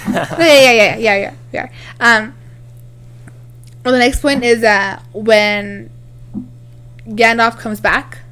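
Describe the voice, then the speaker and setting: A woman in casual chat, chiming in with quick, agreeable remarks. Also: fairly high pitch, fairly even intonation, a bit bright, smooth.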